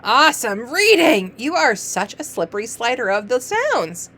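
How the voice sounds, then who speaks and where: A woman teaching early reading to young children, drawing out letter sounds and cheering each word with playful, sing-song praise. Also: fairly high pitch. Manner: encouraging, sing-song, playful praise with gasps and exaggerated excitement; slow, drawn-out letter sounds.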